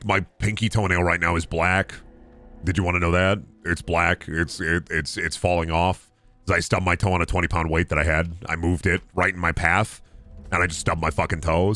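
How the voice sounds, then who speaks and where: Low-voiced, rambling streamer in his thirties. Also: fairly bright tone. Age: 30s. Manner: rambling, profane, jokey, riffing on chat. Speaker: game streamer. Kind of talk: casual stream chat.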